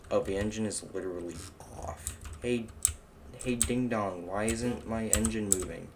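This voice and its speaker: A man's voice: lowish voice, steady tone, moderate pace, darkish tone, slight background noise. A young man live-streaming a game, chatting casually and rambling to himself and his cat. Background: keyboard clicks and typing.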